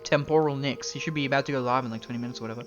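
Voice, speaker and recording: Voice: medium pitch, steady tone, very fast, lo-fi sound. Chatty live streamer, casual, laughs a lot, faint music behind. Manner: chatty, laughs often, restarts. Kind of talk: casual live-stream chat while reading a visual novel aloud.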